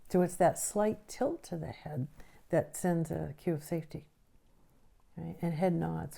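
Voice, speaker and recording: Woman educator, deep mellow voice, patient explainer who keeps checking in with listeners. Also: unhurried, gravelly, husky. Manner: explanatory, often checks in with a tag question. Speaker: nervous system educator. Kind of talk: teaching a recorded lesson.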